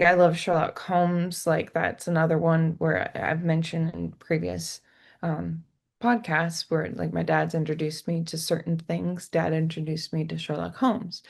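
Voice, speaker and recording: Giggly young woman with gravelly fry. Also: lowish voice. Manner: giggly, animated retelling with acted quotes. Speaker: podcast co-host. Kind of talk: casual chat.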